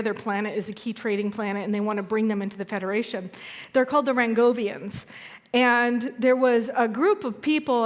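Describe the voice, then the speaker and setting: A fairly high-voiced woman minister speaks to her congregation in a loose, storytelling way, poking fun at herself as she goes. Her voice rings out with a long reverb from a large hall. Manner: chatty, storytelling, self-deprecating humor. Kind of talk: conversational sermon. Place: church sanctuary.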